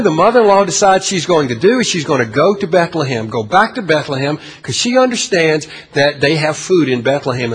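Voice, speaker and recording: A man preaches a sermon in a high-set, somewhat husky voice. He talks in halting stretches and repeats words as he gathers his thoughts. He keeps putting rhetorical questions to his listeners. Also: a bit bright. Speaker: pastor.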